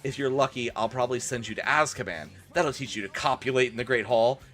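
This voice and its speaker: A man's voice: medium pitch, fast, a bit bright, soft background music, natural voice. Blustering cranky old headmaster put on by a man, scolding.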